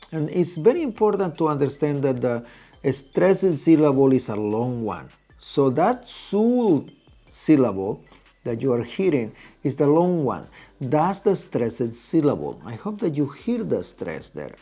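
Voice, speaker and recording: A man's voice: medium pitch, very animated, a little slow, dark tone, slightly rough, soft background music. A man teaching a lesson, patiently repeating key points and stretching out syllables. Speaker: Spanish teacher. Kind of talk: explaining at a whiteboard.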